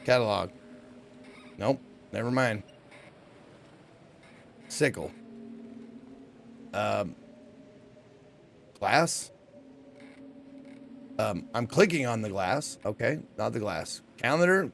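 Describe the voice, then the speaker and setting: A man playing through a game and chatting casually, reading lines aloud, swearing often and yelling when annoyed. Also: mid-range voice, takes it slowly, gravelly, pauses often, slight background noise. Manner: animated, swears often, yells in frustration. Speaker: let's play streamer.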